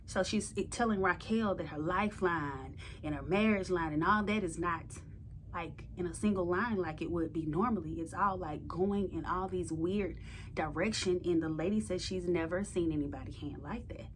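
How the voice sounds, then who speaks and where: A woman telling a story to camera in an informal, slangy way, growing loud and emphatic when worked up. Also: lowish voice, moderate pace, slight background noise. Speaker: storytime vlogger. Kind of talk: casual storytelling.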